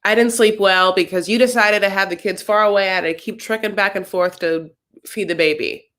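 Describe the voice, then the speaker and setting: A woman's voice: medium pitch, fairly quick, fairly bright tone, natural voice. A woman putting on a sarcastic impression of a whiny, complaining young wife. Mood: mocking whiny.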